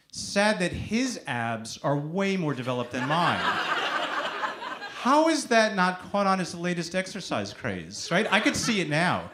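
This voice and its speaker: A man in his thirties doing a stand-up set, with a sing-songy delivery that makes everything sound like a question. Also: high voice. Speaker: stand-up comedian. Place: comedy club stage before a live audience. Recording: noisy live club recording.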